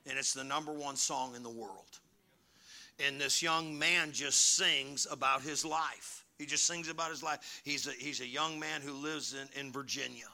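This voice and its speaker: A man preaching a sermon, telling stories and swinging from hushed asides to near-shouting. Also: mid-range voice, fairly even intonation, normal speed. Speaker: pastor.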